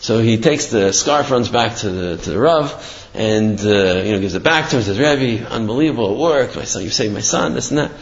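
Man giving a halting Torah class, echoey. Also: fairly low pitch, animated, vocal fry. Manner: informal, halting, many fillers and restarts. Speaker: Torah teacher. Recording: echoey room, slightly muffled.

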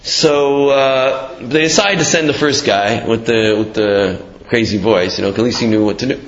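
A man's voice: mid-range voice, moderate pace. Man giving a casual Torah talk, echoey. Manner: storytelling, mixes Hebrew and Yiddish terms, many fillers. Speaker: Torah teacher. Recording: echoey dull lo-fi room.

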